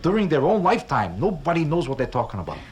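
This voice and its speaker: A man's voice: a little high, sing-song, fast, crowd noise. A man performing a live stand-up routine as a comedian, talking in a wry, kvetching way and firing off rhetorical questions from a stage. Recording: crackly old vinyl record with clicks.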